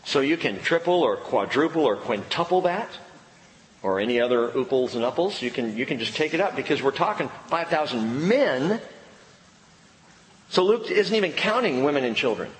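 A middle-aged male pastor preaching a sermon, swinging from excited high exclamations to low, earnest emphasis. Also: normal speed, echoey room, rough recording.

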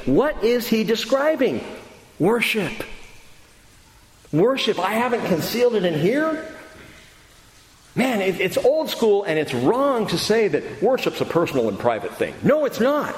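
Animated preacher in an echoing hall. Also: male voice, sits high, measured pace. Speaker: pastor. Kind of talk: sermon with closing prayer. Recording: echoey hall with faint ambience.

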